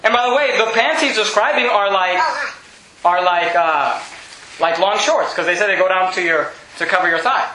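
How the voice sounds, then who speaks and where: A man's voice: high-pitched, normal speed, bright, forceful tone, slight background noise. A male pastor preaching an emphatic, repetitive sermon in a church. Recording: very echoey room.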